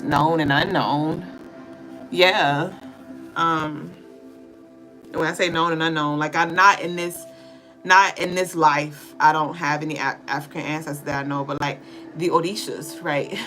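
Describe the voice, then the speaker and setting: A woman's voice: sits low, a bit bright, rough recording. Chatty woman reading tarot over music. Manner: reads viewer comments aloud and answers them; loose, chatty, with fillers and swearing. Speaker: livestream spiritual reader and host. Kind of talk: casual livestream tarot reading. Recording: music bed under the voice. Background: music playing under the voice.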